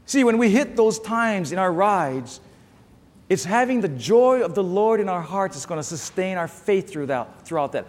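A middle-aged man preaching a sermon, telling stories with lively call-and-response to the congregation. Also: sits high, fairly quick, big-room sound. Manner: animated, storytelling with call-and-response. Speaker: pastor.

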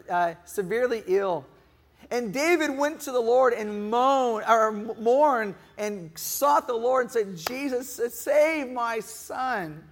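In a reverberant church hall, a middle-aged male pastor with a high-sitting voice and vocal fry preaches a sermon. He poses questions to the congregation and occasionally acts out a whiny, moaning voice.

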